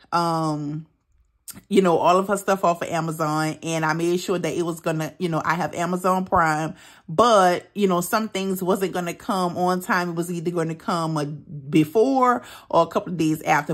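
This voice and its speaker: A woman recounts a personal story to her vlog audience in loose, casual chat. She is emphatic and animated, leaning hard on key words and dropping mild swears as she goes. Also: on the low side. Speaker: budgeting channel host.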